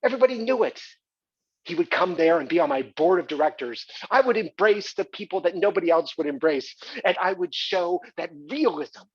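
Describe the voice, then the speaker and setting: The actor's voice is on the high side and husky as he performs a theatrical monologue in a one-man stage play, portraying a wealthy male arts patron who boasts. The recording is dull and lo-fi.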